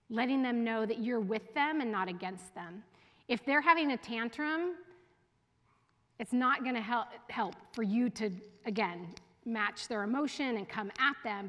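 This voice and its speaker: A chatty woman with a slightly high voice leads a parenting workshop for a room of parents, laughing easily and checking in with her audience. Her voice rings out with a long hall reverb, as if heard at a school evening event. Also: normal speed. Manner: chatty and animated, often laughing and asking the audience. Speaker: school division head giving a parenting talk. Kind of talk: casual workshop talk to parents.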